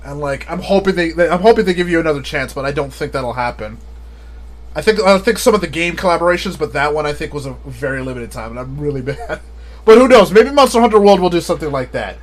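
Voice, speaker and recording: A man's voice: fairly high pitch, expressive, fast. A man chatting casually on a live stream, rambling and often laughing at his own jokes.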